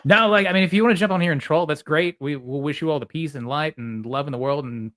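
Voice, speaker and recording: A man co-hosting a podcast in casual chat, laid-back and joking, telling animated stories. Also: fairly high pitch, fast, no echo, studio quality. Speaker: podcast co-host.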